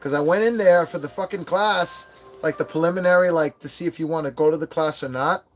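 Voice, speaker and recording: A man's voice: on the high side, a little fast, faint music behind. A man in his forties, hosting a casual livestream and telling a rambling, profane story. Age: 40s. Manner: profane, rambling storytelling with put-on quoted voices. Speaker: livestream host.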